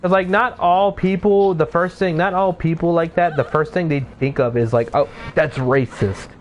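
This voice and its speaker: A man's voice: high voice, moderate pace, a little hiss or hum. A young man chatting casually while playing a video game, rambling with lots of fillers and frequent swearing. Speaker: gaming streamer. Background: music.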